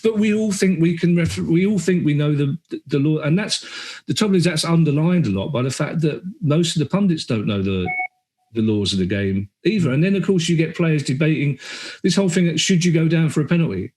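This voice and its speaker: A middle-aged man chats as a podcast guest. He is animated and tells stories with quick asides. He often acts out the voices of the people he quotes. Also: fairly high pitch. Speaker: podcast guest, comedian and author. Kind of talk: casual chat.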